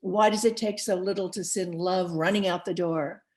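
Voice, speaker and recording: A woman's voice: lowish voice, steady tone, normal speed, a little mellow. A woman author speaking as a podcast guest, passionate and emphatic, with light laughs between her points. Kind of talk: podcast interview.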